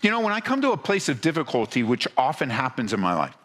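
Lively conversational preacher in a big hall. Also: male voice, medium pitch, fast talker. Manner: conversational preaching with rhetorical questions and repeated words. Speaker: pastor. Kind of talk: sermon. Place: church hall before a congregation.

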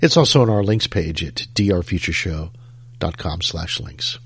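A man's voice: low-pitched, animated, normal speed, breathy edge, no echo. A man hosting a show, chatting casually and introducing segments. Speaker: show host. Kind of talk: casual chat.

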